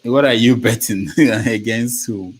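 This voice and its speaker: A man's voice: mid-range voice, steady tone, measured pace, poor audio. A man hosting a casual live discussion who laughs often and reads out results as they come in. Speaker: host. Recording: faint background noise.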